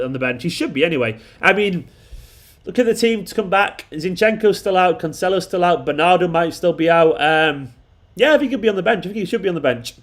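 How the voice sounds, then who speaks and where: A man hosting a football fan channel, giving an excitable live post-match reaction and answering viewer comments with emphatic repetition. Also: a little high. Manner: excitable, emphatic, repeats himself.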